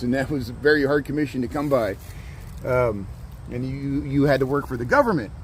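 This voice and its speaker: A man's voice: mid-range voice, darkish tone, slight background noise. A man casually livestreaming a walking tour of a city park, rambling, chatty and greeting viewers as he walks with his phone outdoors. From Chicago area. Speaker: vlogger livestreaming a walk.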